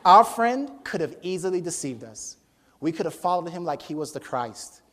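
Animated man preaching with lively pitch. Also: normal speed. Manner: acts out voices with sudden high shouts and laughter. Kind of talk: animated sermon storytelling.

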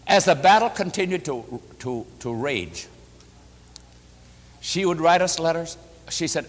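Impassioned preacher in an echoey hall. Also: male voice, on the high side, sing-song, moderate pace, fairly bright tone. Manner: emphatic, rising to impassioned pleading. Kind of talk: sermon storytelling.

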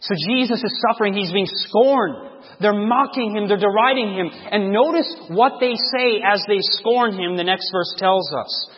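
Male preacher, sermon, high-pitched, husky, dramatic scripture reading, long hall reverb. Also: measured pace, dull audio. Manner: dramatic scripture reading, drops to a hush on key words.

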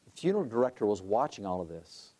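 Speaking fast in a mellow, lowish voice with big pitch swings, a middle-aged man who serves as a conference president discusses leadership. He tells his story casually, wandering into asides and starting sentences over.

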